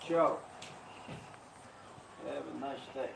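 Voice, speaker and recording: A man's voice: medium pitch, steady tone, takes it slowly, creaky. A man working as a shop cashier, chatting politely and briefly with a customer at the counter. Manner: polite, friendly service chat. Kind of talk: brief counter small talk. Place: inside a small shop. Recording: roomy shop, distant from mic, noisy.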